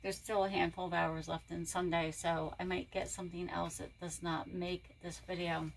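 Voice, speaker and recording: A woman's voice: on the low side, little pitch movement, moderate pace, creaky, rough recording. A woman reseller chatting casually and telling rambling stories while she packs orders. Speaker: reseller vlogger. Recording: loud background noise.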